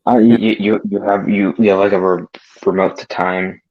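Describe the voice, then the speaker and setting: A man with a fairly low voice stammers through a casual voice-call chat and keeps restarting his phrases. His audio comes through dull and lo-fi. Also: steady tone, normal speed.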